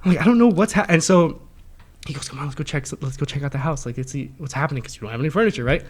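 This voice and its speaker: A young man telling a long dream story in casual chat with friends, animated and laughing often, acting out the voices of the people in it. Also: a little high, racing. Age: young adult. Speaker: host.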